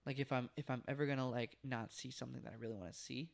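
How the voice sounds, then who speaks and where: Young male co-host, rapid delivery, gravelly fry, offhand and slangy. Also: medium pitch, steady tone. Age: young adult. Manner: quick, offhand, casual slang. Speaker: podcast co-host. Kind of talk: casual chat.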